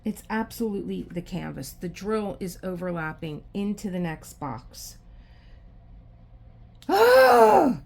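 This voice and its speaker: A woman's voice: fairly low pitch, moderate pace, gravelly, few pauses, a little mellow. A middle-aged woman hosting a craft video, chatting casually to the camera and talking to herself in frustration as she works.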